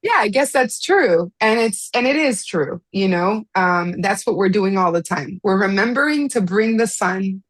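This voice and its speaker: A woman from Miami hosting a casual spiritual study meetup over a video call, talking in a gentle, reflective way with soft laughs. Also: mid-range voice, normal speed, hardly any pauses, no room sound. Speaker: host of an online study meetup. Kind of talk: casual spiritual group chat.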